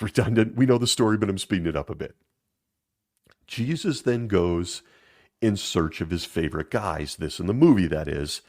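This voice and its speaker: Sarcastic man with a lowish voice. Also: a little mellow. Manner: wry, sarcastic, chuckling. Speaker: commentary channel host. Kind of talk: sarcastic commentary.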